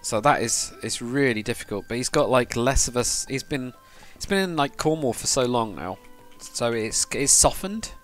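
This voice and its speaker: A man's voice: medium pitch, expressive, normal speed, hardly any pauses, a bit bright, faint music behind. A British man from the UK chatting casually with viewers while he builds in a game, rambling and swearing now and then. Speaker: livestreamer. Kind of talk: casual live-stream chat while building.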